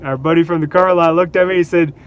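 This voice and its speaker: A man vlogging, telling casual stories in an animated way, laughing between anecdotes and acting out what people said. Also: a little high, quick pace, smooth, dull audio. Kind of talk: casual storytelling.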